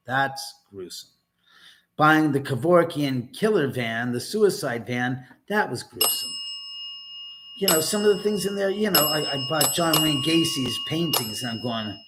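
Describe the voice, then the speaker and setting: An older man hosting a casual livestream from his house. He rambles while reading chat, swears often and breaks into sudden loud outbursts. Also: on the high side. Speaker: livestream host. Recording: loud background noise.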